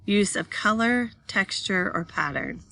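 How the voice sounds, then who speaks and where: Bright-voiced woman teaching from slides. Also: medium pitch, lively intonation, a little slow, vocal fry. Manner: reads slide text aloud, then restates it plainly; points at pictures while explaining. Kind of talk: classroom slide lecture.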